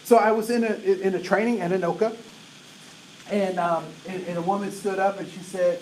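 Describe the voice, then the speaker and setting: A man in his late forties giving an energetic diversity talk to an audience, often asking "right?" to check in with them. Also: high voice, normal speed. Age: 40s. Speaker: diversity trainer. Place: large room with an audience. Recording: roomy echo, voice from a distance, faint noise.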